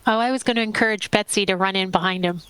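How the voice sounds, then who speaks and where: A woman's voice: medium pitch, steady tone, quick pace, a bit bright, smooth, rough recording. A woman playing a tabletop game, thinking aloud in a hesitant, playful way as she works out her character's moves. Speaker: player. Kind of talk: casual tabletop game play.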